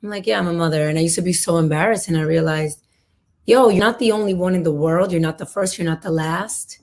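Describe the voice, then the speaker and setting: Woman on a panel, lower pitch, heartfelt, punchy. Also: a little mellow. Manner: emphatic, heartfelt, speeds up and slows down. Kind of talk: panel discussion.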